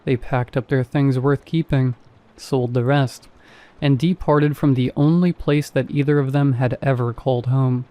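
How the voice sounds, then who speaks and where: Man, horror story narrator, calm measured delivery, warm dark tone, middle pitch. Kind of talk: scripted narration.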